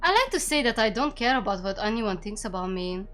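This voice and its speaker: A woman reading the lines of an earnest exiled young witch in a soft, heartfelt voice. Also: mid-range voice, big pitch swings, brisk, faint music behind. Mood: tender.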